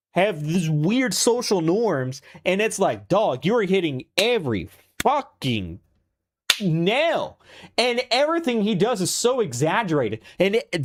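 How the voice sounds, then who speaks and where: A young man telling a long, casual story with lots of restarts and swearing. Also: high-pitched. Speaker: streamer. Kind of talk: casual rant.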